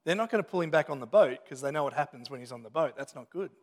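A man's voice: on the high side, expressive, racing. A man preaching a sermon as a pastor, talking it through conversationally with restarts and asides. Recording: long reverb of a hall.

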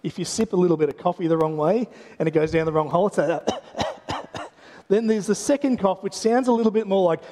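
An Australian pastor with a notably high voice delivers a chatty, joking sermon full of restarts and asides. His voice rings with a long reverb from a church hall. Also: fast talker, mellow. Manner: chatty storytelling with humor and frequent restarts.

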